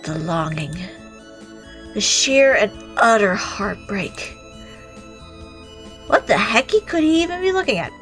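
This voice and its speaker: A woman reading a visual novel aloud, reacting with animated exclamations and the odd swear word. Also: medium pitch, slow pace, pauses often, faint music behind. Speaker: game streamer.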